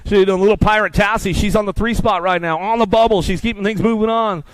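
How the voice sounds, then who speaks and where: A man's voice: sits high, steady tone, fast, clean tone, no echo. A man calling live races as the announcer, rattling off play-by-play and bantering with the crowd. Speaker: race announcer. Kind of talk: live race commentary.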